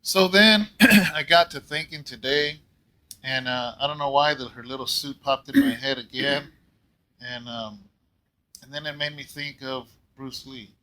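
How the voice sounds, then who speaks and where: A man pastoring a church, telling a story in a casual, rambling way and often clearing his throat. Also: on the high side, a little slow, bright, forceful tone, poor audio. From California. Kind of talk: casual Bible talk.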